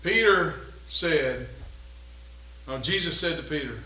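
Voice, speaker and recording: A man pastor preaching a sermon and leading a closing prayer, dropping to quiet musing and then rising into loud exhortation. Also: a little high, a little fast, roomy sound, a little hiss or hum, rough recording. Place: church sanctuary.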